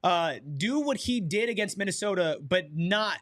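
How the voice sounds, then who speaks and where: An excitable man runs a live game watch-along, jumping on every play and reading viewer comments aloud. His voice sits a little high and swings widely in pitch. It sounds close and dry. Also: normal speed, no echo. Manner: excitable, reads viewer chat aloud, reacts to plays. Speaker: watch-along show host.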